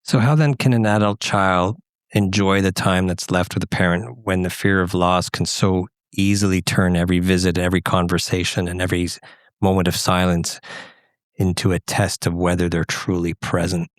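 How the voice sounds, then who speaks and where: A man hosting a podcast, asking measured, thoughtful questions. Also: deep voice, level tone, dry recording, clean studio sound. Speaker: podcast host. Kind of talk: podcast conversation.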